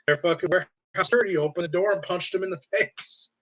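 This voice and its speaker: A man with a somewhat higher voice, chatting casually as a podcast co-host. He tells stories with energy, swears freely and mimics other people in a squeaky voice. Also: fast talker. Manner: animated storyteller, acts out quotes in a high voice, swears. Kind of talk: casual chat.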